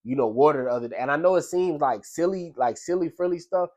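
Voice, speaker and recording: A man's voice: fairly high pitch, quick pace, a little mellow. A man, a delivery driver, giving a casual motivational talk in a loose, slangy storytelling manner. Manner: loose, slangy storytelling with frequent "you know what I'm saying". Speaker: delivery driver sharing life lessons.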